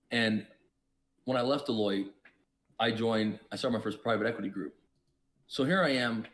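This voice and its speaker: A man who is a podcast guest, telling his own story in an emphatic, preachy way, with sudden jumps in pitch and loudness. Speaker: podcast guest, investor and entrepreneur. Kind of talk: reflective storytelling.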